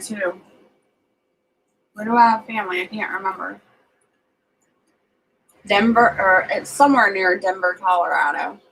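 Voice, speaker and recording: A woman's voice: medium pitch, fairly bright tone, slight background noise, poor audio. A woman with a Southern US accent, casually chatting on a livestream and reading out viewer comments as she rambles along.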